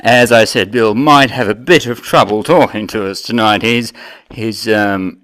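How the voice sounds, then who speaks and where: A man's voice: fairly low pitch, unhurried, fairly bright tone, no echo, rough recording. A man with an Australian accent hosts a mock talk show in a rambling way, full of fillers and trailing sentences. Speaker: host.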